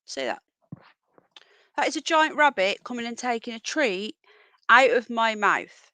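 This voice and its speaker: A woman chatting casually to viewers on a home livestream, often calling her pets in a high singsong voice. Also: big pitch swings, a little slow, pauses often, sharp tone, no echo. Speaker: livestream host. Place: home, indoors. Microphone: earphones with mic.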